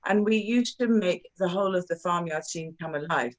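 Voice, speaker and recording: A woman with a fairly low voice talks about her children's books at a launch. She is animated and effusive, breaking into story voices. She often stops for fillers and restarts. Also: moderate pace, poor audio. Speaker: children's author. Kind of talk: book launch interview.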